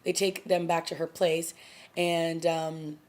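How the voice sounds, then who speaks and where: A woman's voice: low-pitched, flat delivery, slow, darkish tone. A young adult woman casually recapping and reviewing a TV episode in a chatty way, full of fillers like "like" and "you know.". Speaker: TV review vlogger.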